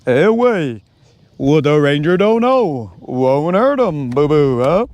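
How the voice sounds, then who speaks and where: A man voicing a scheming cartoon bear in a loud, drawling, boastful manner. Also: a little high, big pitch swings, takes it slowly, lo-fi sound, slight background noise.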